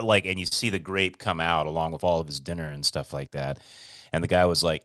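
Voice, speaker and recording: A man hosting a podcast, telling a story in an excitable, rambling way with casual swearing and lots of repetition. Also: low voice, moderate pace, no room sound. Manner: excitable, swears freely, repeats himself. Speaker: podcast co-host.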